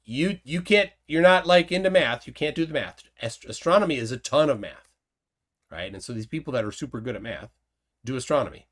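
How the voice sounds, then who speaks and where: A man's voice: mid-range voice, lively intonation, fairly quick. A man hosting a casual live stream, reading viewer comments aloud and questioning his guest. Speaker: host.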